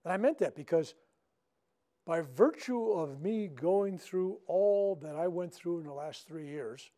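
A man's voice: high-pitched, animated, measured pace, dark tone. An older man who is a minister, leading a workshop for a live group in a chatty storytelling way, often checking in with "right?". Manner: conversational storytelling with frequent "right?" tags. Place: spiritual center meeting room.

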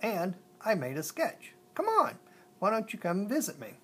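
A storyteller voicing a playful old male artist who talks loudly and kindly. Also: medium pitch, wildly swooping pitch, normal speed, voice pushed up. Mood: cheerful.

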